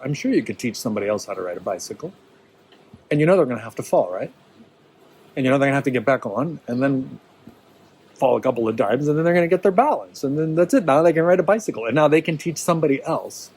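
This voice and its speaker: A man's voice: mid-range voice, a little mellow, slight background noise, low-quality recording. A man leading a workshop in an easygoing, encouraging way, often checking in with his listeners. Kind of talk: informal teaching talk to a small group.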